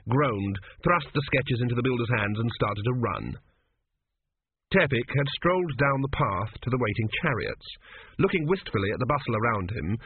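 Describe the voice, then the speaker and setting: A man's voice: medium pitch, breathy edge, dry recording. A man narrating a story aloud in a dry, wry manner. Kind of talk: audiobook narration. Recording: dry, tinny phone-like sound.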